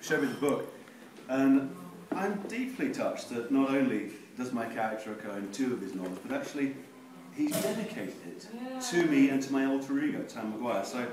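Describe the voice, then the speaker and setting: A man reading a novel aloud at a live event, theatrical and expressive. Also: medium pitch, brisk. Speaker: reader. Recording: echoey room, distant mic, faint noise.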